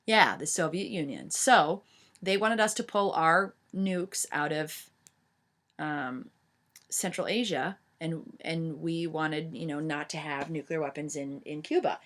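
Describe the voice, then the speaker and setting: A woman's voice: low voice, unhurried, a bit bright. A woman giving an informal history lecture, chatty, with many fillers and restarts. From United States.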